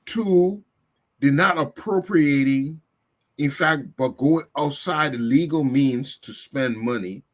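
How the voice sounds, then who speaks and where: Male moderator, measured, slow-paced, slightly raised pitch. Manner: measured questioning. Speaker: debate host. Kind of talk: moderating a panel debate.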